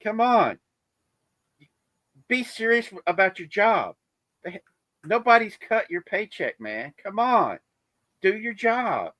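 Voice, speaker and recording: A man's voice: high voice, big pitch swings, slow, long pauses, sharp tone, no room sound, clean studio sound, voice pushed up, exaggerated voice. A man voicing an exasperated male airport security guard who scolds a dog. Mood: scolding.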